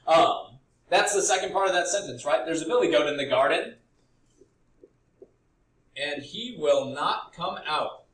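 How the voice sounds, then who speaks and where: A man's voice: on the high side, a bit bright. A man teaching a recorded lesson, explaining step by step and often checking in with "right?". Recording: echoey room.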